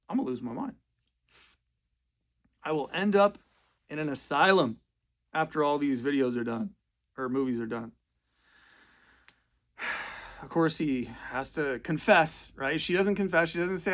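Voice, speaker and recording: A man's voice: a little high, a little slow, pauses often, a bit bright. A man giving sarcastic, casual movie commentary in a mocking, slangy, exasperated way. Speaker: movie reviewer.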